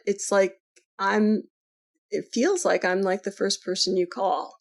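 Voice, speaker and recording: Gravelly-voiced chatty middle-aged woman. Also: mid-range voice, slow pace. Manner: chatty, rambling, laughs easily. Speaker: co-host. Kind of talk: casual podcast chat.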